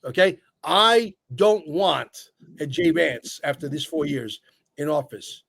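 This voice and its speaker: Blunt, emphatic man with a high voice. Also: animated, slow pace, gravelly, a bit bright, husky. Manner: blunt and emphatic, cursing, with repeated fillers. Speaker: livestream co-host. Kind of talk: opinionated livestream talk.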